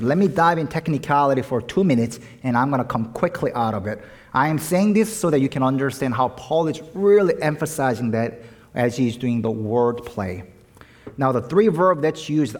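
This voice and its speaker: A man preaching a sermon as pastor, emphatic, with non-native English phrasing and sudden rises and drops in emphasis. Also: medium pitch. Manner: emphatic preaching with rising and falling stresses. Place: church sanctuary. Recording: long hall reverb.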